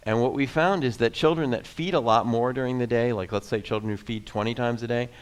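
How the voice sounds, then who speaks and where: A male doctor on a panel, explaining things thoughtfully and pausing to restart his points. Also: mid-range voice, clear, resonant tone.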